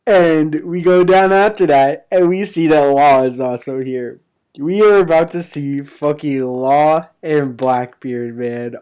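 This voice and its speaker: A young man casually recapping and reviewing a comic chapter, excited and rambling, with fillers, restarts and swearing. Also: medium pitch.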